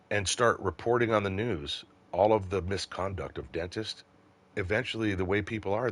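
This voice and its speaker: A man's voice: deep voice, breathy edge. A middle-aged man, once a police officer, telling a story in casual chat with a lot of swearing. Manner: profane, animated storyteller.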